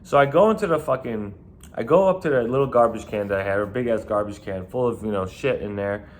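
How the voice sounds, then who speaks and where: A man's voice: fairly low pitch, fast. A man who used to work as a nightclub bouncer tells stories in a casual, profane and rambling way. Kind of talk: casual storytelling.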